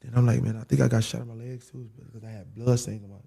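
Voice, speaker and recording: Gravelly, relaxed man telling a story. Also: mid-range voice, racing. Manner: animated, swears, acts out voices in his story. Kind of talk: casual storytelling.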